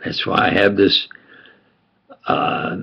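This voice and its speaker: An older man with a thick New York accent reminisces aloud, his voice heavy with gravel and a husky edge. He wanders and repeats himself, Italian his first language. The recording is dull and lo-fi. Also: sits low, takes it slowly. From New York, USA. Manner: meandering, repeats himself, chuckles while reminiscing. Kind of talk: rambling personal monologue.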